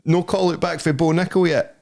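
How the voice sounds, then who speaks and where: A man's voice: fairly high pitch, steady tone, brisk, vocal fry, darkish tone. A man co-hosting a podcast, throwing in short, dry remarks during casual chat. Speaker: podcast co-host.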